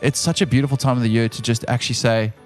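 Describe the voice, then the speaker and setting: A man's voice: mid-range voice, very fast, soft background music. Earnest South African man co-hosting a podcast. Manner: earnest, repeats himself, gets animated when insisting. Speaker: podcast co-host. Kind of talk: casual podcast chat.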